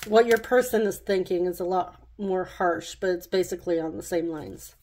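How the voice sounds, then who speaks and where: A woman's voice: on the low side, fairly even intonation, moderate pace, a little mellow, slight background noise. A woman giving a casual pick-a-card tarot reading, chatty and rambling, often laughing at herself as she works through the cards.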